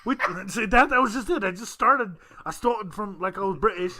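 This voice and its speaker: A man's voice: high voice, moderate pace, bright, forceful tone, slight background noise. A man co-hosting a podcast, rambling and joking with friends and laughing often. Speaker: podcast co-host. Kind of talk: casual podcast banter.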